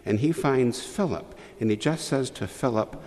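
A man preaching a homily to children in a church, telling the story with lively asides to the young listeners. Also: medium pitch, normal speed, in a large hall. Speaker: priest.

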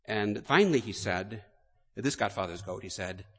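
A man, a priest, delivering a sermon slowly and deliberately in a large church. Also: on the low side, animated. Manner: slow, deliberate storytelling. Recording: long hall reverb.

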